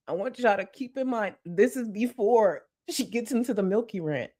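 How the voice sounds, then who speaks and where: A woman talks casually as a commentary host. Her pitch is lively and moves a lot. She breaks into high, exaggerated exclamations and laughs partway through lines. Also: moderate pace, few pauses.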